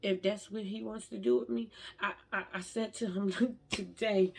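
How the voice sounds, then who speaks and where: A woman's voice: mid-range voice, fairly even intonation, moderate pace, gravelly, darkish tone, a little hiss or hum. A woman talking emotionally and from the heart in a personal faith vlog, often restarting her sentences. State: tearful at times. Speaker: vlogger.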